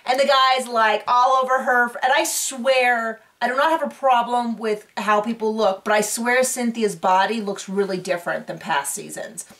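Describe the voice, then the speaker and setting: A woman's voice: on the high side, moderate pace, few pauses, a bit bright, recorded from a distance. A woman hosting a casual recap show, chatty and opinionated with sarcastic asides, recorded a bit away from the mic.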